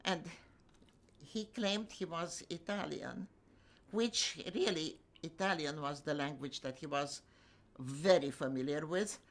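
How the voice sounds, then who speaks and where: A woman's voice: low voice, slow pace. An older woman telling her own life story in a vivid, emotional way with flashes of wry humor. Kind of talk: personal storytelling.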